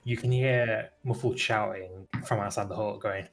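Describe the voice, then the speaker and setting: A man narrating as game master in a tabletop game, relaxed and lightly amused. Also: fairly low pitch, moderate pace, vocal fry.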